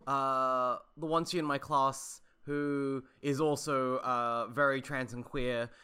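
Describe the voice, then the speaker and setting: Animated woman telling stories, casual chat. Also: very deep voice, slow, clean tone. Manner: animated storytelling with playful put-on quotes. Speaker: teacher and podcast co-host.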